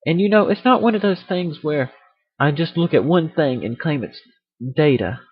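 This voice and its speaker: A man's voice: on the high side, lively intonation, moderate pace, husky. A man hosting a casual rant video, rambling and joking about himself as he goes, recorded on a computer mic. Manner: rambling, self-aware, jokey. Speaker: video host. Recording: dry, dull computer mic audio.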